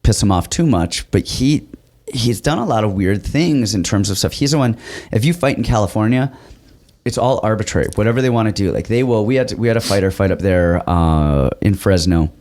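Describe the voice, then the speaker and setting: Low-voiced man telling rambling stories. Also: lively intonation, fairly quick, a little mellow. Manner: rambling storyteller, self-deprecating, laughs often. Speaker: podcast host and former fighter. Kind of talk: casual chat.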